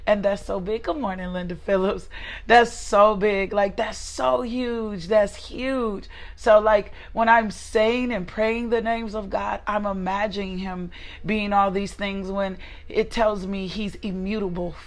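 A woman hosting a live prayer devotional, speaking emphatically with repeated praise and greeting viewers by name. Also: mid-range voice. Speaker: devotional host.

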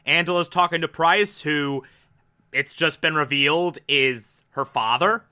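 A man recapping a TV episode in a casual, excitable way, with emphatic bursts into loud exclamations. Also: a little high, unhurried, clean tone.

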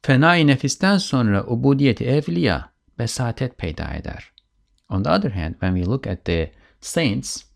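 Man, religious lecture, earnest, emphatic, gravelly voice, middle pitch. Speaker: religious teacher.

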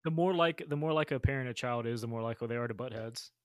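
Male podcast host, rapid speech, dry close mic, reflective. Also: mid-range voice, no echo. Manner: reflective, repeats words as he thinks. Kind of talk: casual interview talk.

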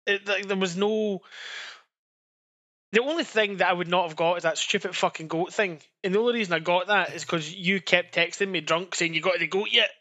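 A man's voice: high voice, steady tone, moderate pace, bright, forceful tone. A young man, a podcast co-host, chatting casually in a rambling, sweary way with frequent laughs. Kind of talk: casual chat.

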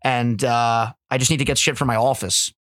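Bright-voiced man chatting casually. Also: medium pitch, moderate pace, no echo, studio quality. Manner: animated, profane storytelling. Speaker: podcast host. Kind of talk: casual chat.

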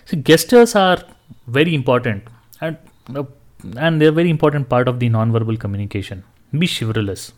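Guy on his solo podcast, earnest advice, stumbles and restarts a bit, mid pitch. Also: animated, brisk. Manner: earnest, advising, with restarts and fillers. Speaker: podcast host.

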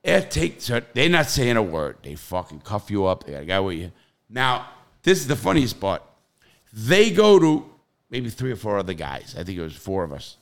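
A middle-aged man telling profane, animated stories in casual podcast chat, with loud bursts. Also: lowish voice, normal speed.

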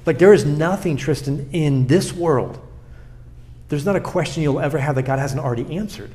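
This South Florida pastor, being interviewed, speaks earnestly in a conversational, storytelling way and repeats words often to press his points. His voice is a little high and a little mellow at a moderate pace, with slight background noise.

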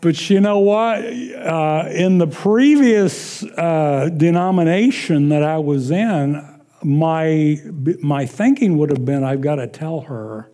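A man's voice: on the high side, mellow. A man preaching a sermon, asking the congregation questions and answering them himself, then telling casual personal stories with chuckles. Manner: slow, drawn-out preaching with call-and-response questions; chuckles through casual anecdotes.

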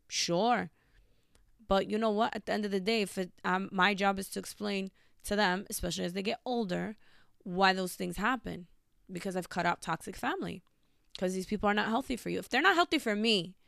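Woman, young adult, blunt and emphatic, gravelly yet smooth, dry close sound. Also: medium pitch, a bit bright, no room sound. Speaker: podcast host. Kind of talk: casual monologue.

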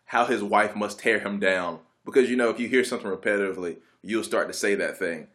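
A man's voice: lowish voice, fairly bright tone. A young adult man telling a casual story in a rambling, laid-back way, with lots of filler words. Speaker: vlogger.

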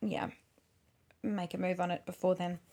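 A woman who makes videos chats casually about her work, rambling and correcting herself along the way. Her lowish voice is gravelly and mellow, with flat delivery at a normal speed.

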